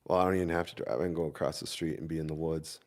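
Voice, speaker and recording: A man's voice: a bass voice, fairly even intonation, rapid-fire, vocal fry. A man in his thirties from the Midwest, chatting casually as a podcast co-host and telling army stories with frequent laughter. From Minnesota. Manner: laid-back storyteller, laughs often. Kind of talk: casual chat.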